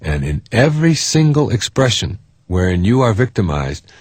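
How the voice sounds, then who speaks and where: A man's voice: fairly low pitch, very animated, moderate pace, slightly rough, no echo, clean studio sound. A man giving a recorded self-help talk in an earnest, emphatic way, often repeating phrases for stress.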